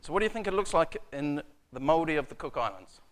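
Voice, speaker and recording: Speaking quickly and expressively at a fairly high pitch, this New Zealander delivers a laid-back tech talk at a conference. He's self-deprecating and relaxed, filling his speech with lots of ums and uhs in the conference room.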